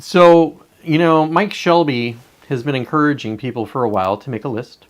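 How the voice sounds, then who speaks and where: A man's voice: medium pitch, normal speed, few pauses. A man talking casually on a live stream, rambling and profane, often breaking off mid-sentence and restarting. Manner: rambling and profane, with many self-interruptions. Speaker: livestreamer.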